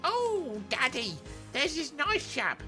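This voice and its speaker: A man's voice: very high-pitched, very animated, takes it slowly, bright, forceful tone, soft background music, pitched above the performer's own voice, full character voice. A man doing a mocking impression of a teasing young magician girl in a put-on Cockney accent.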